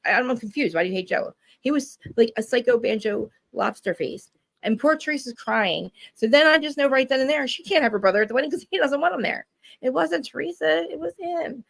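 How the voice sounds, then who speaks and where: Animated, gravelly woman chatting. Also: on the high side, a little fast. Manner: animated, swearing, acting out quotes. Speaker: podcast co-host. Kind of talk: casual chat.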